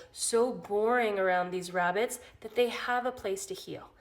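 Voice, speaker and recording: A woman talks to her viewers in a relaxed, explanatory way. She tells things as a chatty story and leans on "like" as she goes, sounding like someone who keeps rabbits and knows them well. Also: mid-range voice, unhurried. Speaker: rabbit care educator. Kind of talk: casual explanatory talk to viewers.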